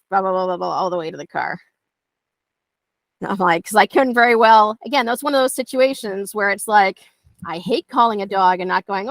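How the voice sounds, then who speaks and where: A woman's voice: a little high, normal speed, fairly bright tone, no echo. A woman dog trainer teaching conversationally, telling stories and acting out dialogue in playful voices.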